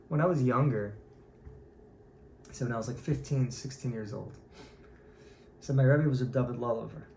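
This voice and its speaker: Gravelly man telling a Torah story. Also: mid-range voice. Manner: animated storyteller acting out quoted voices. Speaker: Torah teacher. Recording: echoey room, faint background noise.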